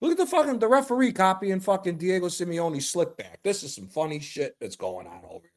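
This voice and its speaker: A man streaming a live reaction to a football match, excitable and profane, trash-talking the players. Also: high voice, brisk. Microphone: streaming mic.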